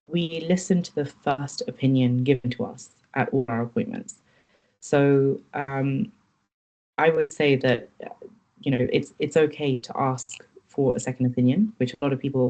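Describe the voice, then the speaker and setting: A woman's voice: a bass voice, dark tone, low-quality recording. A woman who is a podcast guest, giving an earnest, reflective and candid personal account in an interview.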